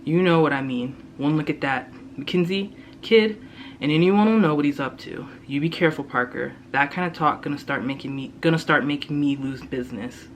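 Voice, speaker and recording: A man reading aloud voices a gruff, blunt middle-aged father who talks in clipped slang. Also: a little high, brisk, slight background noise, close to an everyday voice. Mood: scolding.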